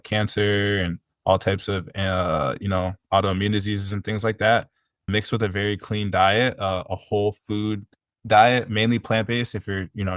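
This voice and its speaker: Earnest low-voiced man telling his story. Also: dry recording. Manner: earnest, rambling with many fillers and restarts. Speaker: podcast guest, personal trainer. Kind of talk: casual conversational storytelling.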